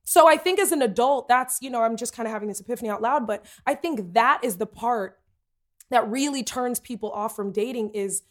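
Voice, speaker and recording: A woman talking candidly in a casual conversation, animated and given to playful put-on voices. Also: a little high, fairly quick.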